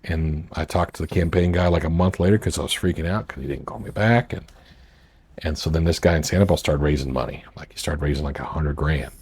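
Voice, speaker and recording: A very deep, husky male voice with a darkish tone, speaking a little fast. He's a political candidate who owns a marina, and at a marina boat club he rambles casually through the story of his campaign, acting out what people said to him.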